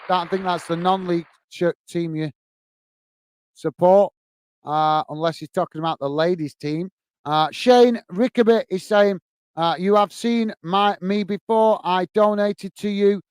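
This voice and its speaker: English man, casual live-stream host, high smooth voice, dry close sound. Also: no echo. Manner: chatty, apologetic, says mate often. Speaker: host reading live chat.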